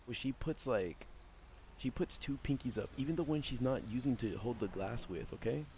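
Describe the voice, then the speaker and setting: A young man streaming and chatting casually, loud and opinionated, rambling with lots of fillers. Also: medium pitch, moderate pace, a little hiss or hum. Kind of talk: casual chat while gaming.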